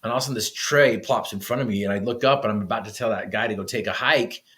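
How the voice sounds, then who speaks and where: A man's voice: on the low side, quick pace, fairly bright tone. A man, a podcast guest, earnestly telling a personal story with frequent restarts.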